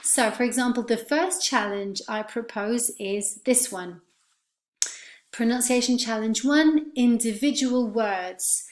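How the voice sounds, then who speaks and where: Woman, pronunciation teacher, slow careful delivery, fairly high voice, echoey room. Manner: slow, clear modelling of words and sentences for students. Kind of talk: online pronunciation lesson.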